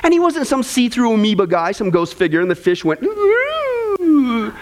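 A man preaching a sermon to a congregation, telling jokes and stories in an animated way. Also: sits high, quick pace, slight background noise. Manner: animated, joking storyteller. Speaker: pastor. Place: church before a congregation.

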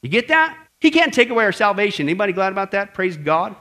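A man's voice: sits high, sing-song, quick pace, pushed and bright. A male pastor preaching an emphatic sermon and quizzing the congregation.

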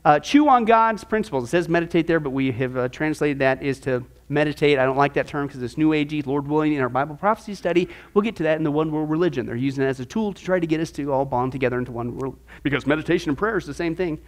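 A man's voice: fairly high pitch, quick pace, few pauses. A man teaching a Bible discipleship class as pastor, firing off rhetorical questions with folksy asides.

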